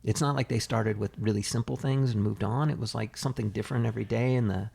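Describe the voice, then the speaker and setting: Male podcast co-host, gravelly, easygoing storyteller. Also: lowish voice, fairly even intonation, fast, darkish tone. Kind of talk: casual chat.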